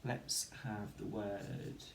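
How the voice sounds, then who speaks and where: A man's voice: lowish voice, little pitch movement, drawn-out words, roomy sound, noisy background. A man teaching a phonics lesson to children, counting to three and sounding out letters one by one. He mentions having hay fever. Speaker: primary school teacher.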